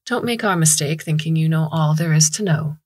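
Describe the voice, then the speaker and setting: A woman voicing a tall, calm woman from a lost people, speaking in a cool, deadpan, unhurried way. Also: deep voice.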